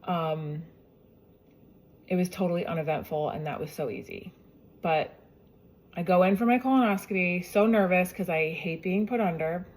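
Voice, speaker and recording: A woman's voice: lowish voice, moderate pace, long pauses, a little mellow. A woman in her forties, a mother, telling her own story in a casual, chatty way and often acting out what others said.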